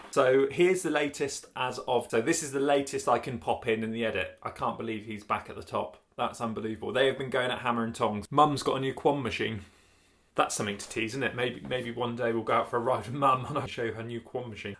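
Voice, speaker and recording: A man's voice: mid-range voice, a bit bright. A middle-aged man hosting a casual vlog, chatty and joking, often laughing as he talks. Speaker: vlog host. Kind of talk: casual chat.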